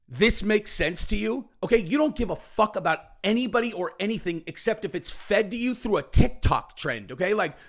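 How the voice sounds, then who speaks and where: A man with a somewhat high-pitched voice hosts a heated political reaction rant. He curses freely and jabs questions at the viewer, and he keeps asking "okay?" and "right?" between points. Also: vocal fry, a bit bright. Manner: angry, profane, ranting with frequent "okay?" and "right?". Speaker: political commentary host.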